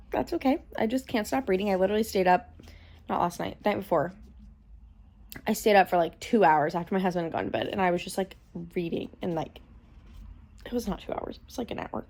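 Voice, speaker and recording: A young woman talking casually in a reading vlog, bubbly and giggly, with lots of "like". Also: mid-range voice. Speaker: vlogger.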